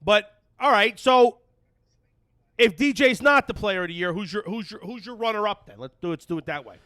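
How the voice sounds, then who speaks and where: This middle-aged man with a New Jersey accent hosts a podcast, loudly spinning long, rambling stories packed with fillers in casual banter. His high-pitched voice moves at normal speed with a clear, resonant tone. Recorded with headphones and a studio mic, the sound is dry and studio quality.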